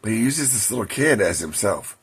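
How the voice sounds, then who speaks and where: A man retelling a comedy bit in a rambling, halting way, with a gravelly, husky voice. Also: lowish voice, very animated. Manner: rambling, halting restarts, laughs at own punchlines. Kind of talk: rambling storytelling monologue.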